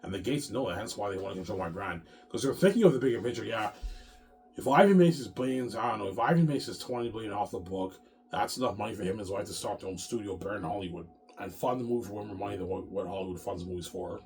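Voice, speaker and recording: Quick-paced and a little mellow, this low-leaning voice belongs to a vlogger and self-published author ranting straight at his audience. He rambles, repeats himself, curses frequently, and keeps circling back to the same points.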